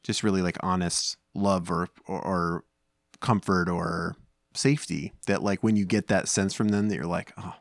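A man's voice: sits low, fairly even intonation, moderate pace, no room sound, studio quality. A man in his thirties co-hosting a podcast, talking casually at home in a rambling way, full of fillers and restarts. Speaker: podcast co-host. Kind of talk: casual chat.

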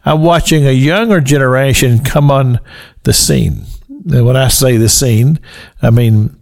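An older man hosts a Christian radio talk segment into a studio microphone. His voice is gravelly, and his pitch is mid-range for a man. He speaks in a folksy, earnest, conversational way. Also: a little slow, a little mellow.

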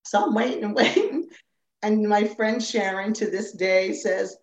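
Animated older woman telling a story. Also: medium pitch, measured pace. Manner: animated storyteller who acts out quoted voices and laughs often. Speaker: guest, former Rockette. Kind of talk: storytelling interview. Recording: roomy, slightly dull remote audio.

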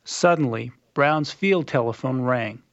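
A man reading scripted documentary narration in a measured, dramatic storytelling manner. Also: mid-range voice, fairly bright tone, no room sound. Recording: muffled lo-fi radio recording.

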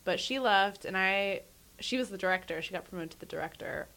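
A woman talking in a relaxed podcast chat, a museum educator telling laughing stories and acting out quoted voices. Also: mid-range voice, brisk, slight background noise. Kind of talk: casual chat.

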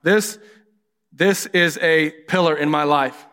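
Male pastor, slightly high bright voice, candid storytelling sermon, reverberant church hall. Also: fairly even intonation, takes it slowly, clear, resonant tone. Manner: candid, conversational preaching with personal stories.

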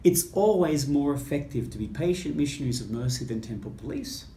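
Animated storytelling priest in a roomy space. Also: male voice, medium pitch, brisk, slight background noise. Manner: lively storyteller who acts out quoted dialogue. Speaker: Catholic priest. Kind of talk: personal storytelling talk. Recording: roomy echo with faint ambience.

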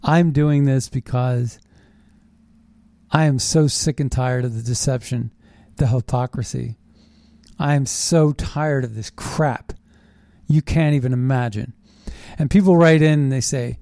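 A man hosting a show, delivering a fast, indignant and sarcastic political monologue. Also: medium pitch, dry recording, clean studio sound. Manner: animated, indignant, sarcastic ranting. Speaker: political commentary host.

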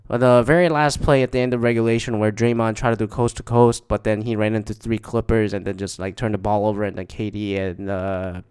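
A man's voice: on the low side, fairly even intonation, brisk, hardly any pauses, a little mellow, smooth. A man casually recounting games he went to, rambling and swearing, with lots of fillers. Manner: profane, rambling, with frequent fillers.

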